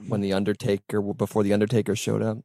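A man's voice: lowish voice, completely flat delivery, fast, mellow, no room sound, studio quality. A man who is a regular on a comedy radio show, tossing in offhand, mumbled asides.

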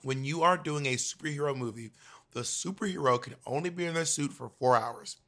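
A man telling backstage stories with big, campy energy and plenty of swearing. His voice is bright and forward, and it comes through a remote video call. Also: fairly high pitch, a little fast. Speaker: drag performer and actor. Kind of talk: casual chat on a video call.

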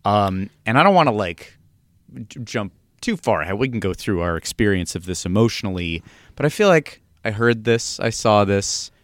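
Low, smooth-voiced podcast co-host. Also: male voice, big pitch swings, moderate pace, dry recording. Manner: enthusiastic, rambling with restarts. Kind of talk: casual podcast chat.

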